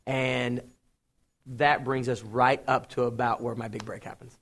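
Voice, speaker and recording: A man's voice: mid-range voice, measured pace. A young adult man, a TV host, telling stories from his career in a casual interview, acting out what others said. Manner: lively storyteller acting out quotes.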